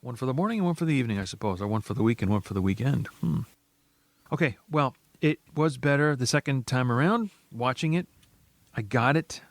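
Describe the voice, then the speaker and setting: A man's voice: mid-range voice, expressive, fairly quick, no echo. A man co-hosting a casual movie podcast, agreeing readily and teasing his partner with dry wit. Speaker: podcast co-host. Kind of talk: casual movie review chat.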